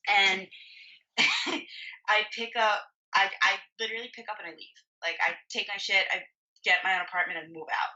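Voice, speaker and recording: A woman's voice: mid-range voice, flat delivery, normal speed, bright, forceful tone, far from the mic, lo-fi sound. A woman in her twenties, a podcast guest, telling her story in candid casual chat, swearing freely and saying "like" a lot. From Florida. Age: 20s. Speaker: podcast guest, bodybuilding competitor.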